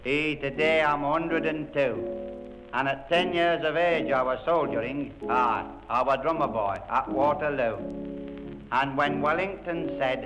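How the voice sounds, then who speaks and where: A man's voice: a little high, a little slow, close to an everyday voice, poor audio. A man playing a stubborn, boastful Yorkshire veteran of a hundred and two, telling a comic tale in broad dialect with a Yorkshire accent. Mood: droll. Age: older. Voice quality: broad dialect, droll storytelling. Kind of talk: comic monologue over music. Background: instrumental music.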